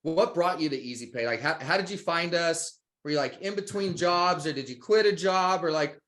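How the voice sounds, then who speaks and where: A man with a slightly high, somewhat bright voice hosts a sales webinar interview at normal speed. He's enthusiastic and motivational, calling his viewers "guys."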